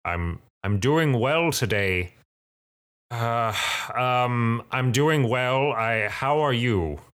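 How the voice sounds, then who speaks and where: A man's voice: medium pitch, animated, drawn-out words, fairly bright tone, clean tone, voice pushed up. A man voicing a disapproving priest who stammers when flustered and turns indignant, in a tabletop game.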